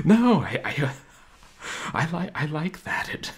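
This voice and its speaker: A man streaming a game and chatting with viewers in a laid-back, wry way, with a soft, somnolent voice and frequent chuckles. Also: on the high side, very animated, slow, husky. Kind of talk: casual chat with stream viewers. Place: home room, roommates nearby.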